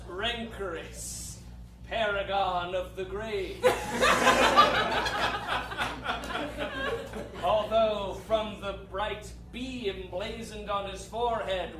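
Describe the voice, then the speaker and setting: Florid man narrating a live improv show. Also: high voice. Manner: florid, old-fashioned wording. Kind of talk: mock-grand live narration. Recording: roomy live theater, distant mic.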